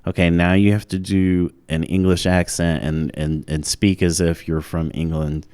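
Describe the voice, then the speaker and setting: A very deep-voiced man chatting on a podcast as a comedian guest. He tells stories at an easy, meandering pace, looping back through his points. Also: little pitch movement, normal speed, a little mellow, smooth, dry recording. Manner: laid-back rambling storyteller. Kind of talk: casual podcast chat.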